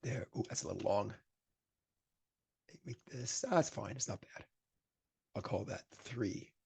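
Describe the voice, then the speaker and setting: A man's voice: fairly low pitch, measured pace, vocal fry, a little mellow, slightly rough. A man teaching programming in a live-coding lecture, chatting and thinking aloud as he types, growing emphatic when he gives advice. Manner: chatty, thinks aloud while typing code. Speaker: programming instructor.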